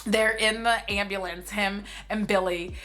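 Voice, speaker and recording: A woman's voice: medium pitch, steady tone, measured pace, bright, forceful tone, soft background music. Chatty sarcastic woman recapping a movie. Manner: chatty and sarcastic, heavy use of "like", swears freely. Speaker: movie commentary streamer. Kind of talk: casual movie recap commentary.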